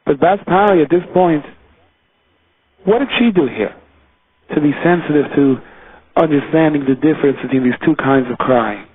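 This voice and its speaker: A rabbi delivers a Torah lecture with a slightly high, lively voice that climbs and dips for emphasis. The sound is thin and tinny, as if heard over a phone line. He tells the stories with animation. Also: normal speed, long pauses, slightly rough. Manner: animated storyteller, rising and falling pitch for emphasis. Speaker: rabbi giving a Torah class.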